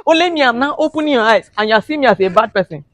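A man's voice: extremely high pitch, lively intonation, rapid-fire, a bit bright. Mock-outraged comic man. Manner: mock-outraged, pleading, broken English for laughs. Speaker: comedian. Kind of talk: comic monologue to camera.

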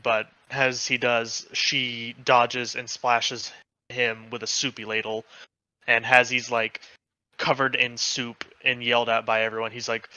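A man narrates a tabletop game as game master, talking casually and filling gaps with "like". His voice is very bright and forward. The recording is dry and close. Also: medium pitch, level tone, unhurried, no echo, muffled recording. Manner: casual narration, many fillers of "like".

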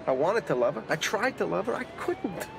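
A man's voice: high-pitched, sing-song, a little fast, creaky, heavily acted. An actor playing a neurotic, self-pitying man, talking in anxious, whiny, rambling complaints in a sitcom scene. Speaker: sitcom character. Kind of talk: sitcom acting. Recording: studio audience laughter over background noise.

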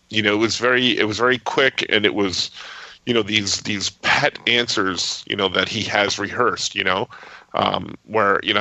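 A man co-hosting a podcast, chatting casually in a halting way, repeating words and filling pauses. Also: lowish voice, vocal fry, bright, forceful tone, dry recording. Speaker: podcast co-host. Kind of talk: casual chat. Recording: dull, dry lo-fi mic.

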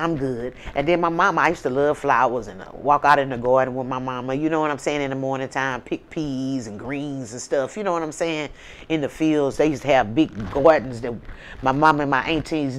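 A woman host telling a personal story in a candid, blunt way, often tagging lines with "you know what I'm saying.". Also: very deep voice. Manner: blunt, profane and conversational. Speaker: advice channel host.

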